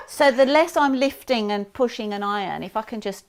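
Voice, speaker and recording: Chatty middle-aged Black Country woman. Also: on the high side. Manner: chatty, rambling with many fillers and restarts. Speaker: guest sewing demonstrator. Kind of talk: casual chat while demonstrating sewing.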